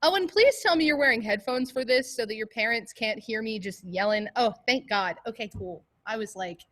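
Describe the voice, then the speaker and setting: A woman leading an online choir class and warm-ups, talking casually and jokily with lots of fillers over a video call. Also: on the high side, lively intonation, normal speed. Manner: casual, joking, chatty with many fillers.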